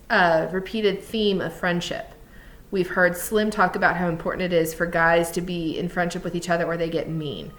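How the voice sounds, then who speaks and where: A woman's voice: lowish voice, a bit bright, reverberant. A woman teacher reading a novel aloud and stopping to explain it in conversational asides.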